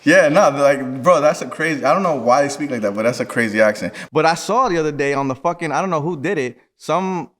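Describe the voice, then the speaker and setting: A man's voice: fairly high pitch, expressive, a little fast, few pauses, a bit bright. Casual man. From New York. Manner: loose, filler-heavy, hedging with "like". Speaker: podcast host. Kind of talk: casual chat.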